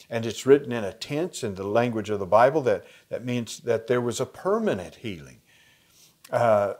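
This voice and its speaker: A man with an American accent explaining a Bible passage in a conversational lesson, pausing with fillers. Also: mid-range voice, darkish tone. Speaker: Bible study teacher. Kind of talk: teaching a lesson plan.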